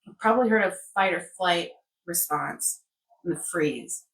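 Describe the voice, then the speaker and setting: A woman's voice: on the low side, lively intonation, unhurried, a bit bright, distant mic. A woman in casual wellness chat who rambles and acts out everyday scenarios. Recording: echoey room, off-mic.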